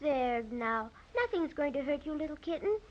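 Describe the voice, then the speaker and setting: A woman voicing a sweet, kindly little girl in a 1930s radio drama, soothing and gentle. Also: high-pitched, very animated, moderate pace. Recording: dull lo-fi old radio recording.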